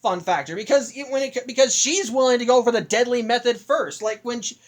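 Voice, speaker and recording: A woman's voice: a little high, fairly quick. A woman giving a casual, rambling, enthusiastic film review with many restarts.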